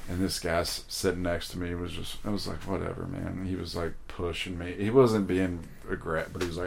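Low-pitched male storyteller, casual and animated, light background hiss. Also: brisk, vocal fry, few pauses. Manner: animated storyteller, swears, acts out quotes. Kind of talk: casual chat.

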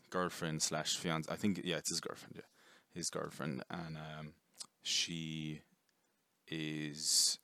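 A man's voice: very deep voice, pushed and bright, smooth, no echo. A young man rambling casually through a jokey film review, swearing and correcting himself often.

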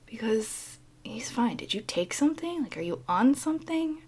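A woman playing a hurried, skeptical surgeon friend who speaks in a hushed whisper. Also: a little high, big pitch swings, breathy edge, voice pushed up.

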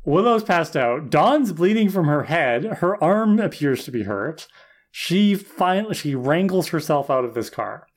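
A man's voice: fairly high pitch, big pitch swings, measured pace. A man co-hosting a podcast, retelling episode plot in a wry, casual way. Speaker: podcast co-host. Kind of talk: casual recap chat.

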